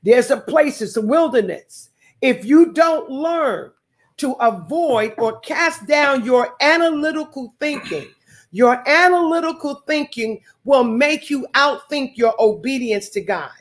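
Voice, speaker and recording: A woman preacher delivers a sermon in a high voice. She works the congregation with call-and-response, repeating lines and dropping in hallelujahs as she goes. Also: animated, measured pace.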